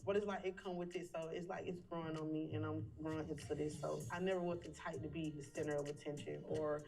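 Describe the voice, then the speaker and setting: A woman answering interview questions bluntly and with profanity, thinking her answers through out loud. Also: deep voice, little pitch movement, quick pace, creaky, recorded from a distance, faint music behind.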